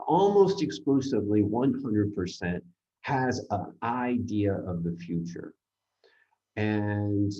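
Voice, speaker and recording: A man with a low, mellow voice works through a grammar lesson at an unhurried pace, circling back and restarting his sentences as he goes. The sound is dull and lo-fi. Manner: rambling, halting explanations with many restarts and fillers. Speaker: teacher. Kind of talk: recorded grammar seminar lecture.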